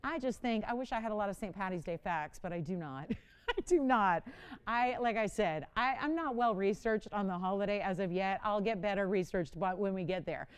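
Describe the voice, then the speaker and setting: A woman's voice: medium pitch, normal speed, clear, resonant tone. A woman in her forties hosting a live home-shopping show, chatty and bubbly, often laughing as she presents. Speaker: shopping channel host. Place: television studio.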